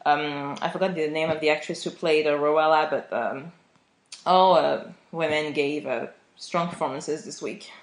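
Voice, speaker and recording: A woman co-hosting a podcast, talking casually about a TV drama with many fillers and pauses. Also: low voice, roomy sound. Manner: many filler words, halting. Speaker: podcast co-host.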